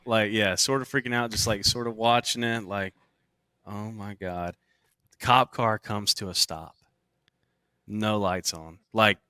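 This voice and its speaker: A young man on a podcast telling a story in a casual, animated and profane way, acting out what people said. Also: on the low side, smooth, no room sound, clean studio sound. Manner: animated, profane, acts out quotes. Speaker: podcast co-host.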